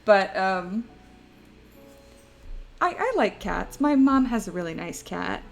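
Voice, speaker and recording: A woman's voice: medium pitch, animated, slow, gravelly, soft background music. Chatty young woman streamer, laughing often. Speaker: live streamer. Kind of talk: casual chat to a live audience.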